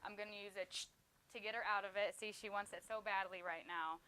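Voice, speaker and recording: A woman's voice: medium pitch, fairly even intonation, brisk, bright, forceful tone. A woman demonstrating dog training outdoors, chatty and explaining each step as she goes. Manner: chatty, explains while praising the puppy.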